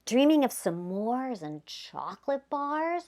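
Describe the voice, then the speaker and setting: Female storytime reader, playful, asks the kids questions, higher voice, slow delivery. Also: sing-song. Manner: drops to a whisper at quiet moments. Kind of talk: reading a rhyming picture book aloud to children.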